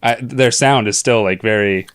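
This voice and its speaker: A man's voice: on the low side, normal speed, fairly bright tone, clear, resonant tone. A man co-hosting a podcast in casual chat, blunt and opinionated, swearing now and then. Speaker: podcast co-host.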